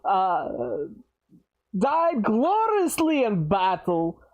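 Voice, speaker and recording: A player voicing a young male dwarf, the proud son of a warrior father, speaking slowly in a put-on Scottish accent. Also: medium pitch, sing-song, darkish tone, pitched above the performer's own voice. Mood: solemn.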